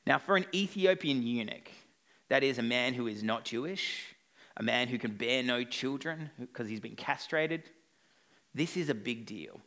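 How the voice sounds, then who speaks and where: A man's voice: medium pitch, expressive, normal speed, a bit bright. A male pastor preaching an evening sermon, retelling a story with playful asides to the congregation.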